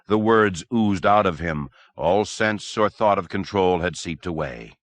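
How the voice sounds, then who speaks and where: A man narrates a novel in a measured, expressive reading. His voice is very deep but moves freely in pitch, and the recording is dry and close. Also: no room sound. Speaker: audiobook narrator. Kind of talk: scripted narration.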